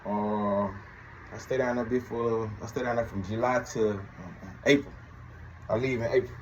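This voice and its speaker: A man's voice: fairly low pitch, steady tone, unhurried, a little mellow, slight background noise, low-quality recording. Profane man spinning a street story. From Georgia, USA. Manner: loose, profane street storytelling, acts out both sides of conversations. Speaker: vlogger telling his life story. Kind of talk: casual storytelling.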